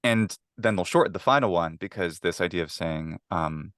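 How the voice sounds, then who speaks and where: A man's voice: low voice, moderate pace, fairly bright tone, clean tone, no room sound, clean studio sound. A man being interviewed about Latin, talking eagerly in a casual way, with many fillers and restarts. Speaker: guest, Latin teacher.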